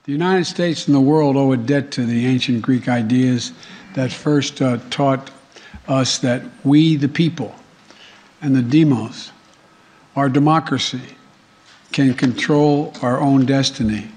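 Halting man giving a formal speech. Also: medium pitch, a little mellow.

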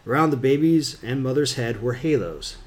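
Man, audiobook narrator, first-person, steady and wry. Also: mid-range voice, normal speed.

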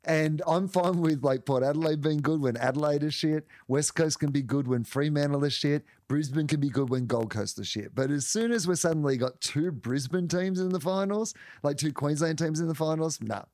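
A man's voice: on the high side, moderate pace, few pauses, a little mellow, dry recording. An Australian man co-hosting a sports podcast, making dry jokes with casual swearing. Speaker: podcast co-host. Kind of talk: casual chat.

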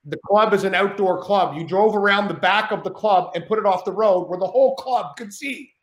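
A man's voice: high-pitched, a little fast, a bit bright, roomy sound, voice pushed up. A man voicing his fed-up young girlfriend with blunt, exasperated lines.

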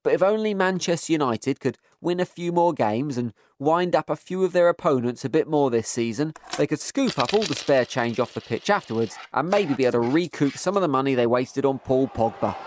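Sarcastic comedy narrator. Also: male voice, mid-range voice, lively intonation, brisk, hardly any pauses, noisy background. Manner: dry, sarcastic. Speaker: host. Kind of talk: sardonic scripted comedy narration.

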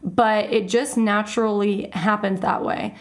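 A woman's voice: medium pitch, fairly even intonation, a little slow. A woman who leads a real estate team, chatting and laughing easily in a casual interview.

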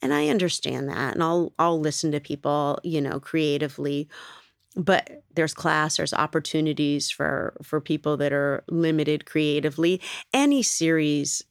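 Low creaky-voiced actress, chatty. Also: female voice, moderate pace, no room sound, studio quality. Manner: chatty and rambling, laughs often. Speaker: actress being interviewed. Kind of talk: casual interview answers.

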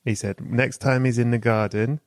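A man's voice: mid-range voice, fairly even intonation, moderate pace, no echo. A man hosting a podcast, chatting and spinning absurd improvised stories with casual swearing. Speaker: podcast host. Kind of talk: comic interview chat.

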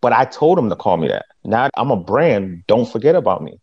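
A man, a real estate agent from the Boston area, telling his story in a casual interview with emphatic, animated delivery. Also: fairly low pitch, brisk, husky. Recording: dull, lo-fi sound.

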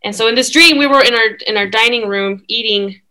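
A woman's voice: a little high, fairly quick, bright, forceful tone. A young woman guest telling a personal story in casual chat, full of fillers. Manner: chatty, many fillers.

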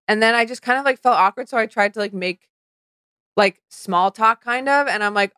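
A young woman co-hosting a casual chat podcast, telling an animated story full of "like" and quoted dialogue. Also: medium pitch, no echo, clean studio sound. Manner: animated, fast storytelling with lots of "like". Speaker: podcast co-host.

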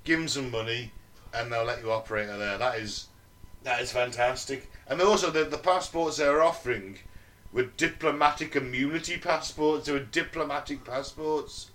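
A man's voice: medium pitch, normal speed, fairly bright tone, far from the mic. A man co-hosting a casual podcast, reading out research and adding joking, sweary asides. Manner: reads research aloud, jokey asides, swears. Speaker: podcast co-host. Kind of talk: reading notes in casual chat.

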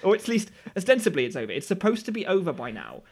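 A man's voice: sits high, big pitch swings, fast, breathy edge. A man in his thirties co-hosting a comedy podcast, rambling and self-deprecating with lots of restarts. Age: 30s. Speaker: podcast co-host. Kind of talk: casual comedic chat.

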